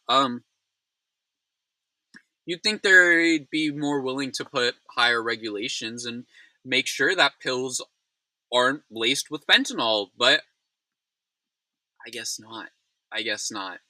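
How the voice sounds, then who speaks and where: A man's voice: medium pitch, bright, forceful tone, dry recording, low-quality recording. A man hosting a solo news recap in a casual, rambling way, full of fillers, yawning and sounding frazzled. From United States. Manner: tired, rambling, self-deprecating, many fillers.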